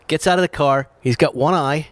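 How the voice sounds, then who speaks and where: A man's voice: fairly high pitch, fairly quick, crowd noise. A man hosting a talk show, telling a long casual story with laughs and acting out the people in it. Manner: animated, laughing, acts out quoted voices. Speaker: host.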